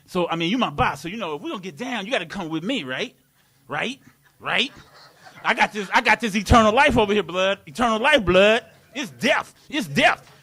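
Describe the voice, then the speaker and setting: A man voicing a smooth-talking street-corner hustler, low and coaxing. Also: expressive, a little fast, sharp tone, full character voice.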